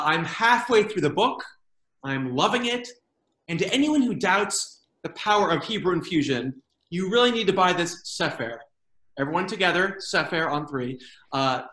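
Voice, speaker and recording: A man performs a stand-up bit over a video call, his pitch bouncing all over as he jokes. His voice carries a roomy echo. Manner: animated, jokey, acts out voices in quotes. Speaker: comedian. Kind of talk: stand-up comedy routine.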